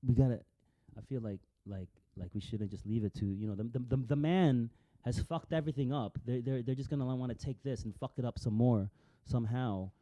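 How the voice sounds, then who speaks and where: Dark-voiced man ranting casually. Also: medium pitch, fairly quick, hardly any pauses, no room sound. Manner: rambling, profane, stumbles and repeats words. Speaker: vlogger. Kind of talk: casual commentary over clips.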